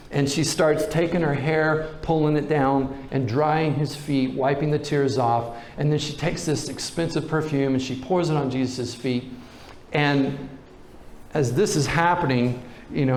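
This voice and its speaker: A pastor preaching a sermon, retelling a story in a relaxed, conversational way. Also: male voice, on the high side, echoey room.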